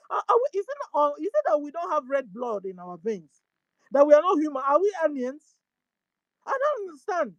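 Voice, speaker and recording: Woman, Nigerian accent, channel host, impassioned pleading, rhetorical questions, high-pitched. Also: no echo, highs cut off. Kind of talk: impassioned activist commentary.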